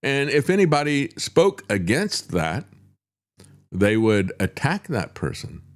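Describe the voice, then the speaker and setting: An older man hosting a talk show, giving a sarcastic political monologue with chuckling asides and frequent "uh" fillers. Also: lowish voice. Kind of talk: opinionated political commentary monologue.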